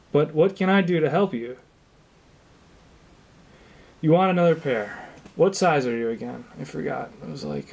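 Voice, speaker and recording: Improvising half of a phone call, a young man with a slightly high-pitched voice takes the role of a shoemaker facing an annoyed customer. His rapid, skeptical questions come out deadpan and falsely supportive.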